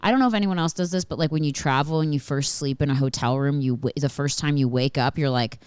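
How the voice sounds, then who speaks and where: A woman hosting a podcast, telling a story in a casual, animated way and swearing often. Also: low-pitched, fast talker, smooth, dry recording. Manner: animated and profane, with frequent swearing and filler words. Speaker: podcast host.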